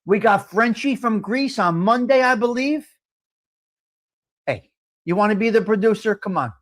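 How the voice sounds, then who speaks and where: A man's voice: sits high, animated, moderate pace, a bit bright. A middle-aged man, hosting a live coffee chat stream and talking bluntly to viewers, joking and swearing freely.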